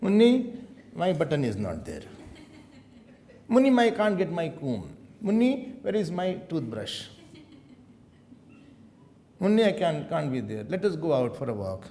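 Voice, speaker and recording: A man putting on a fussy husband who nags and whines for his wife over every small thing. His voice is pitched high and moves all over the place, with a petulant, demanding edge. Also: wildly swooping pitch, a little slow, long pauses, mellow, full character voice. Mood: nagging. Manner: nagging, whiny, keeps calling for his wife.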